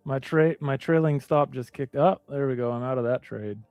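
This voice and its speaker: A man's voice: mid-range voice, moderate pace, darkish tone, clean tone, dry recording, faint music behind. A man co-hosting a trading livestream, bantering in an upbeat, joking way. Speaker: co-host on trading stream. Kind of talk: casual livestream chat.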